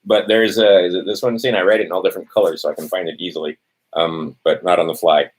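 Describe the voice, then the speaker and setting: A fast-talking man with a deep voice and flat delivery vents to his camera in a heated monologue. He swears a lot, repeats "right?", sounds testy, and stumbles over where he is in his notes.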